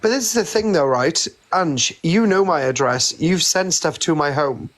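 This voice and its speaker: A man's voice: on the high side, expressive, moderate pace. A man, a guest on a live stream, talking defiantly and bluntly, with swearing.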